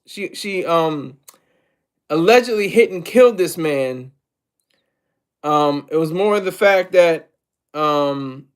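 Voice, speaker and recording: Brief: male livestream host, high pitch, loose rambling commentary with lots of fillers. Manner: rambling, repeats himself, many fillers; asks viewers for tips.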